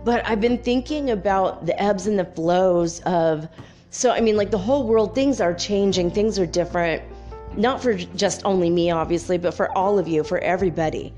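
A woman's voice: medium pitch, normal speed, warm tone, faint music behind. A woman from California hosting a podcast, rambling casually with many fillers. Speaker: podcast host. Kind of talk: casual spiritual podcast monologue.

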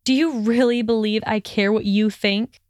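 A woman voicing a furious, sharp-tongued young witch who snaps and rises in pitch when angry. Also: fairly even intonation, normal speed, dry recording, clean studio sound, lightly acted. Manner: snapping, raised and shrill when angry.

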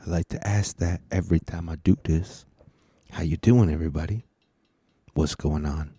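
Deep, dark-voiced man ranting on a podcast. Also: moderate pace, husky, no room sound. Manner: rambling, profane, swings into loud rants. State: tired. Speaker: podcast host. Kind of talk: casual solo podcast chat. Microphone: studio mic on a stand.

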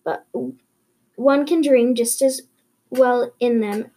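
Woman reading eager orphan girl, dreamy, earnest, wordy, mellow husky voice, fairly high. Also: steady tone, takes it slowly. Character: eager talkative orphan girl, about eleven.

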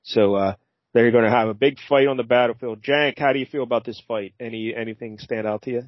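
A man's voice: mid-range voice, steady tone, fast, no echo. A male podcast host recapping a comic in loose, jokey chat. He rambles and fills his speech with plenty of "uh"s. The sound is dry and dull, like a lo-fi recording. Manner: rambling and jokey, with many fillers.

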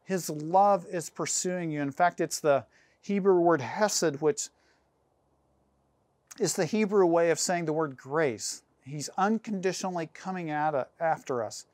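A man preaching a sermon as pastor, earnest and measured, slowing down and pausing to stress key phrases. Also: on the high side, darkish tone, no room sound.

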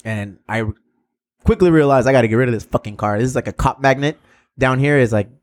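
This podcast co-host, a man in his thirties, speaks quickly at medium pitch. His casual chat is all rowdy stories, laughter, cursing and Spanish slang.

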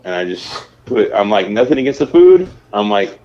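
A man's voice: medium pitch, sing-song, moderate pace, hardly any pauses. A man in casual podcast chat, telling a story loosely with lots of swearing and laughter. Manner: profane, storytelling, laughs often. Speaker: podcast host. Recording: lo-fi with faint noise.

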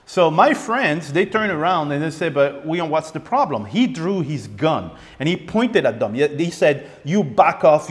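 Animated French podcaster in an echoey room. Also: male voice, a little high. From France. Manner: animated, repeats words, acts out quoted lines. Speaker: podcast host. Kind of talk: personal storytelling monologue.

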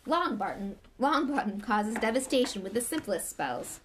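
A woman's voice: on the high side, expressive, normal speed, a bit bright, a little hiss or hum. A woman voicing a malevolent male teacher with a lazy, cutting drawl in a storybook reading. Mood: sneering.

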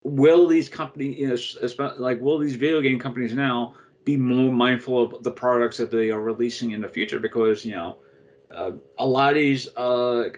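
A man with a mid-pitched, everyday voice co-hosts a casual gaming chat. He muses thoughtfully and hesitantly. He stops often on "uh" while he finds his words. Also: fairly even intonation, normal speed, darkish tone. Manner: thoughtful, hesitant, many "uh" fillers. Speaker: podcast co-host.

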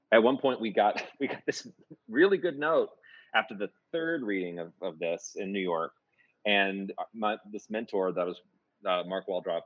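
A low-voiced man, a theater composer and lyricist, rambles through a casual interview. He stumbles over restarts and fillers. The sound is dry and a little lo-fi. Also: fairly bright tone, no echo.

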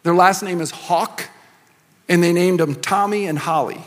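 A man's voice: high voice, moderate pace. A middle-aged man preaching a sermon as pastor, talking in a loose, joking way with many asides. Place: large church hall. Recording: long hall reverb.

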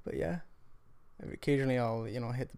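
A man's voice: medium pitch, fairly quick, vocal fry, a little mellow, smooth. Laid-back joking man on a podcast. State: tired. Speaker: podcast guest. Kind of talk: casual chat.

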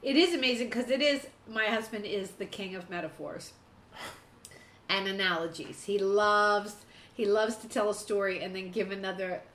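A woman co-hosting a casual chat, emotional and talking fast in bursts. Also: mid-range voice, a bit bright. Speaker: podcast co-host. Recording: echoey room.

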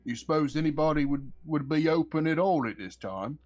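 A man's voice: fairly high pitch, expressive, fairly quick, a little mellow, no echo. A man taking part as a player in a tabletop game, answering hesitantly.

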